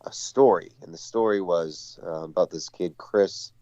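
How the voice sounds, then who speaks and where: A man's voice: sits low, moderate pace, mellow, no room sound, lo-fi sound. A man, a schoolteacher calling in as a guest, chatting casually, rambling and poking fun at himself. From Boston area. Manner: rambling, self-mocking, laughing at his own stories. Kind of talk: casual chat. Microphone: phone call.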